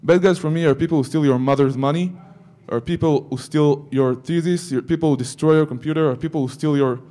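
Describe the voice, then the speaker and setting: A man's voice: a little high, brisk, dark tone. A man giving a security conference talk, breaking into joking asides to the audience. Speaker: conference speaker.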